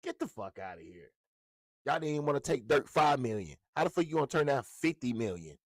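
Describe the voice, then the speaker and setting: A man's voice: medium pitch, very animated, fairly quick, no room sound, clean studio sound. Angry guy ranting on his channel, swears a lot, keeps repeating himself. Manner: profane, heated, repetitive ranting. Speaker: hip hop blogger. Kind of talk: ranting commentary.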